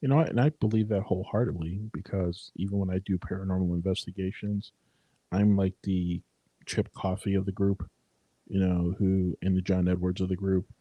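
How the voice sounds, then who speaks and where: A man in casual chat, rambling in a relaxed way about his paranormal investigations, with casual swearing. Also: low voice, normal speed, no echo, lo-fi sound.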